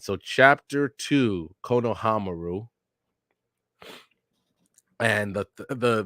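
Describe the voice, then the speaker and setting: A man's voice: on the low side, a bit bright, no room sound, clean studio sound. A man reading a comic aloud and reacting, in a slangy, joking way, reading the lines in his plain voice. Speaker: manga reader reacting. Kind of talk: casual read-along reaction.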